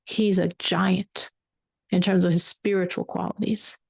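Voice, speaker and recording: A woman's voice: lowish voice, flat delivery, unhurried, gravelly, a little mellow, slightly rough, no echo, clean studio sound, exaggerated voice. A woman voicing a young heiress who firmly encourages a poor shepherd, in her own speaking voice. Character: young rich woman, firm believer in him.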